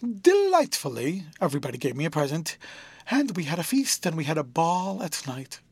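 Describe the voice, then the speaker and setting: A man's voice: expressive, a little fast, husky, dry recording. A man doing a pouting childish schoolgirl. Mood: girlish, playful. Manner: lilting, girlish, with sudden high bursts. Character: sweet childish young schoolgirl, pouting and playful.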